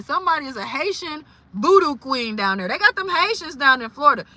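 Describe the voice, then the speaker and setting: A woman from Louisiana, hosting a casual livestream and talking in an animated, exclamatory way. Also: high-pitched, fast talker, hardly any pauses, no echo. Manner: animated, exclamatory, incredulous, laughing often. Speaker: livestream host.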